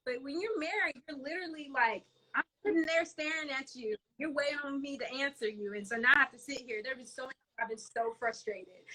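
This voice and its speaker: A young woman guest in a casual interview, expressive and animated, often quoting her own thoughts. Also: high-pitched, fairly quick, hardly any pauses. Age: young adult. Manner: expressive, animated, quotes herself, laughs often.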